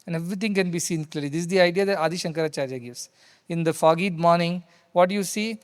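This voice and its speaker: A man's voice: fairly high pitch, fast talker, clean tone. A male spiritual teacher, telling a story in a discourse to devotees in a hall. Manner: animated storyteller who repeats key phrases. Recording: reverberant hall sound.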